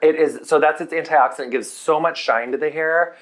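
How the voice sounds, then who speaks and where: A male hairdresser chatting casually while styling hair, gushing and talking fast with lots of fillers. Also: on the high side, rough recording. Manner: gushing, rapid, full of fillers.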